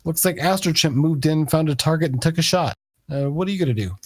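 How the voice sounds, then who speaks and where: A man narrating as game master of a tabletop game, pausing often with fillers. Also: a little high, no echo. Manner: hesitant, many fillers.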